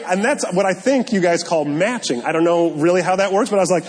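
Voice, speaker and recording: A male pastor preaching a sermon, animated and joking, with self-deprecating asides. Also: high voice, brisk, few pauses. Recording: long hall reverb.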